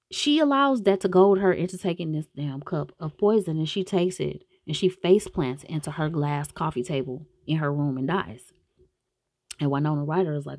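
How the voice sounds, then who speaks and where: Chatty low-voiced woman retelling a film. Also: darkish tone, no echo, clean studio sound. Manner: rambling and chatty, with swearing and slang. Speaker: movie reviewer. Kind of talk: casual plot retelling.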